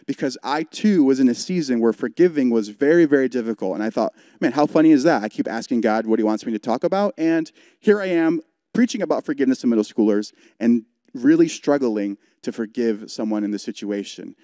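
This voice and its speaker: A man's voice: mid-range voice, expressive, a little fast, dark tone, dry recording, studio quality. A young man, a youth pastor, preaching an earnest, conversational sermon through a personal story, with frequent "like" fillers. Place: church service broadcast.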